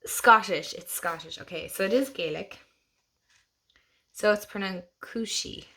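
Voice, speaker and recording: A young Irish woman chatting casually as she walks through a tarot deck, gushing and laughing, sometimes dropping to a soft whisper. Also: medium pitch, a little slow, breathy edge. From Ireland. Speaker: tarot channel host.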